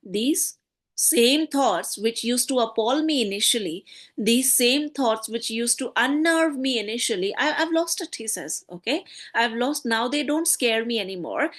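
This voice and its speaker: Lady teacher going through a play line by line, keeps saying okay?, kinda high voice. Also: lively intonation, unhurried, a bit bright. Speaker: English literature teacher.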